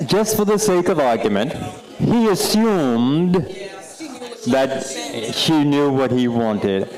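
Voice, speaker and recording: Animated Bahamian man presenting a workshop. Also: on the high side, slow pace, rough recording. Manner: animated, teasing, repeats phrases for emphasis. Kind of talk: interactive workshop talk. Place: meeting room with live audience.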